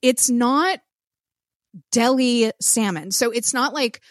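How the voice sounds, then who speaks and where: A woman co-hosting a podcast, telling a story in animated casual chat, cursing freely and acting out what people said. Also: a little high, slow, dry recording, clean studio sound. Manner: animated storyteller who swears and acts out quotes. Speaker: podcast co-host.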